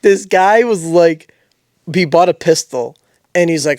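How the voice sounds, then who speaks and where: A young man co-hosting a podcast, telling stories with animated energy and frequent laughter. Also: fairly high pitch, a little slow, dry recording, studio quality. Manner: animated storytelling, laughs often. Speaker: podcast co-host. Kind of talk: casual chat.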